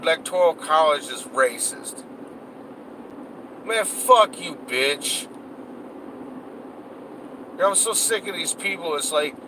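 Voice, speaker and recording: Man, slightly high voice, angry cursing rant, road and engine noise behind. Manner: heated, cursing, repetitive. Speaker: political vlogger.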